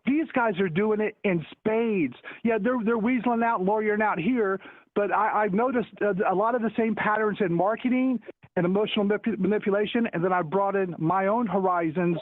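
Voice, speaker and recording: Guy calling in on a tinny phone line, rambly and jokey, pretty high voice. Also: brisk, dry recording. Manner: rambling, stumbling restarts, joking. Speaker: caller. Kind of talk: casual call-in chat. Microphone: phone call.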